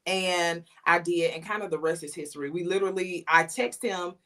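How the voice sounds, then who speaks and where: A woman's voice: fairly low pitch, moderate pace. A woman guest on a podcast, casually telling a personal story and acting out the messages she quotes. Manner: lively retelling, acts out quoted messages.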